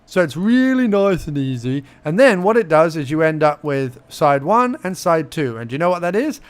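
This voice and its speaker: Clicking through menus in a laid-back screen-recorded tutorial, a young podcast host chats playfully to himself. His voice is a little high with big pitch swings, normal speed and a clean tone.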